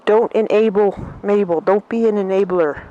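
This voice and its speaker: A woman's voice: medium pitch, fairly even intonation, normal speed, muffled recording. A woman vlogger chatting indignantly while riding a motorcycle on the road, in a casual rant. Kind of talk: ranting casual monologue. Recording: loud road and engine noise.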